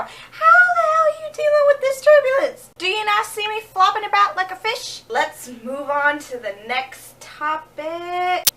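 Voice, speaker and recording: A young woman with a high, bright voice tells comic travel stories to her camera. She acts out little scenes. She sounds a bit jet-lagged. The mic is set back a little, with faint room sound behind her. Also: distant mic, slight background noise. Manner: animated, acting out scenes with quoted voices. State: jet-lagged, low energy. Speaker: vlogger. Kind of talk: comedic storytelling vlog.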